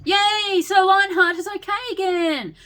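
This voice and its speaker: A woman voicing a hyperactive young boy knight in a read-aloud story, talking in an excited, bouncy way. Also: sits high, moderate pace, voice pushed up. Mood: overjoyed.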